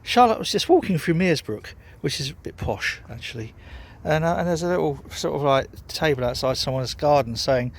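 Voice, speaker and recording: A man's voice: fairly high pitch, expressive, normal speed, hardly any pauses. A man chatting casually in a rambling, sweary, self-mocking way, vlogging from his garden. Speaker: home brewer vlogger. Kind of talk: casual rambling vlog chat.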